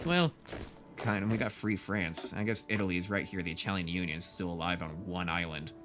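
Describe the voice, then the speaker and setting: This gaming YouTuber has a low but fairly bright voice and talks briskly. He jokes his way through gameplay with frequent laughter and mock-grandiose outbursts over game music.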